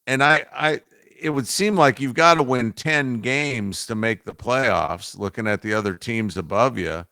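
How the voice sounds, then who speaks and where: A man's voice: medium pitch, a little slow, bright, forceful tone, no room sound, studio quality. A man co-hosting a sports talk show, chatting about football in a laid-back way with wry asides. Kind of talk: casual sports debate.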